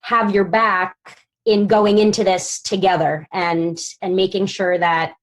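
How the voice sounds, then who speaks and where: A woman's voice: mid-range voice, little pitch movement, measured pace, low-quality recording. A woman producer speaking as a panel guest, giving long, thoughtful answers with a frequent "like". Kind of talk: casual panel discussion.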